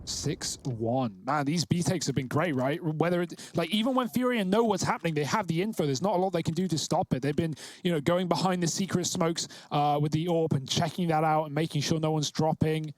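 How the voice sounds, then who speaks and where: A man calling a live esports match with quick, analytical play-by-play. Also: on the high side, no echo. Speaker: esports caster. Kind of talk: live game commentary.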